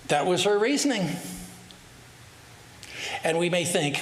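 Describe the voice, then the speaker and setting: A man giving a spiritual talk, telling parables in an unhurried way and asking rhetorical questions. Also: high-pitched, expressive. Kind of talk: sermon with storytelling. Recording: roomy hall with faint hiss.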